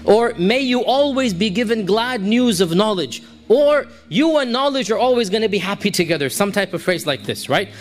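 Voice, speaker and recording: A man's voice: sits high, expressive, normal speed, hardly any pauses. A man giving a religious lecture in a storytelling manner, quoting the people in his tale and reciting passages in Arabic. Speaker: Islamic preacher.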